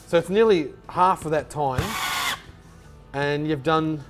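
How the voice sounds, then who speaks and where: A man's voice: on the high side, slow, loud music behind the voice. Teasing man, talks while eating. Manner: teasing, laughs often, talks with his mouth full. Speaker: friend timing the build. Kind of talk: casual chat.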